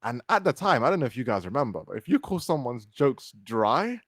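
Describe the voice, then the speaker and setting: A young man, co-hosting a casual podcast and telling animated stories. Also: medium pitch, a little fast, dry recording, studio quality. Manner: storytelling, animated when quoting others. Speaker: podcast co-host. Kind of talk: casual chat.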